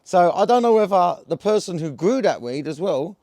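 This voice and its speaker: A slangy man talks to camera in a loose, rambling vlog, his voice sitting a little high for a man. He strings thoughts together with fillers and quick "yeah?" checks. The close mic keeps the sound very dry. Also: animated, a little mellow, no echo. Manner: slangy, chatty, full of fillers and tag questions. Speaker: cannabis vlogger. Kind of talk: casual rambling monologue to camera.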